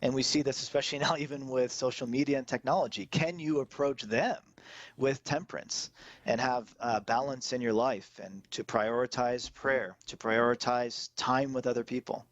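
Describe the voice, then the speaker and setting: Calm male guest author on radio. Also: medium pitch, normal speed, dry recording, muffled recording. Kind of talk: radio interview.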